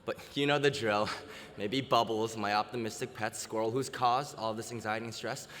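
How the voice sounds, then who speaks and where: At an outdoor ceremony, a young adult man speaks as the student orator, giving a wry, self-deprecating comic speech. His voice is lowish and a bit bright, with fairly even intonation and a moderate pace. The outdoor PA adds a long reverb.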